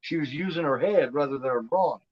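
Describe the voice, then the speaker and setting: A man's voice: fairly high pitch, brisk, no echo. Rambling fifty-year-old man, lo-fi. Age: 50s. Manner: rambling, repeats words, says "man" and "you know what I mean". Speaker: host. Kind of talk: casual movie commentary. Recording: dull lo-fi sound.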